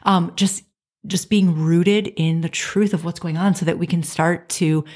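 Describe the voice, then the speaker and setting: Low-voiced woman, thoughtful and candid. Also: fairly even intonation, measured pace. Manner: thoughtful, candid, with soft laughs. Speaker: podcast co-host. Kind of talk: reflective faith conversation.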